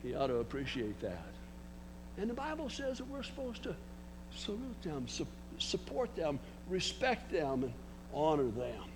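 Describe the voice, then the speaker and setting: A man's voice: fairly high pitch, wildly swooping pitch, normal speed, background noise. An older man preaching a sermon, emphatic, with frequent restarts and words spelled out for emphasis.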